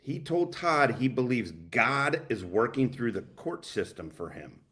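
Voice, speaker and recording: Man, livestream host, crude reaction commentary, swings up and down in pitch, unhurried. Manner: loud, laughing, swearing, animated.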